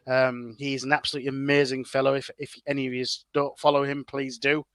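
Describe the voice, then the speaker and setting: A man's voice: medium pitch, flat delivery, a little fast, a bit bright, clear, resonant tone, no room sound. A man, chatting as a guest content creator in a casual interview, full of fillers and restarts.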